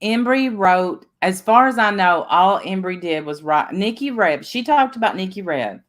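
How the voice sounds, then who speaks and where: A woman's voice: mid-range voice, lively intonation, moderate pace. A woman hosting a casual livestream, chatting, reading out viewer names and laughing at herself. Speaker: livestream host.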